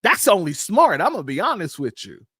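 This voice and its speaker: A man's voice: high-pitched, wildly swooping pitch, fairly quick, bright, forceful tone, husky, no echo, clean studio sound. A man hosting a casual political commentary show, emphatic and talking straight to his viewers as family.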